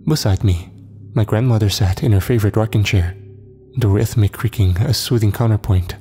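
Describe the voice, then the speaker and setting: A man narrating a horror story in a measured, dramatic, scripted style. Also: lowish voice, mellow. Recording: long reverb, faint music.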